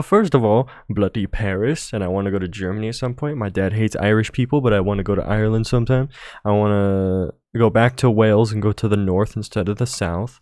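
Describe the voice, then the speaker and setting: A man's voice: on the low side, no echo, clean studio sound. A man hosting a casual podcast chat in a joking way, tossing in the word "bloody" a lot. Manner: jokey, keeps saying "bloody". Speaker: podcast host.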